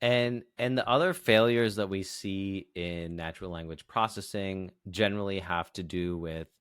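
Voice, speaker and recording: A man with a low, smooth, resonant voice co-hosts a podcast. He walks through ideas in an unhurried, casual way, checking in with "right?" as he goes. The sound is dry and close. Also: fairly bright tone, no room sound. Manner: explains patiently, leans on "you know" and "right?". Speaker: podcast co-host. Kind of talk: casual explanatory podcast chat.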